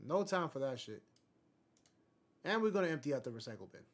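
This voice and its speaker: A man's voice: fairly high pitch, big pitch swings, a little fast. Brash, profane young male game streamer. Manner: brash, profane, jokey, swings from mutters to outbursts. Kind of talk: casual live-stream commentary.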